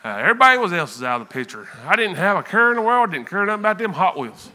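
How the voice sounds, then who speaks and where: A man giving an emotional church testimony, earnest and halting, often repeating words. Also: high voice, very animated, sharp tone.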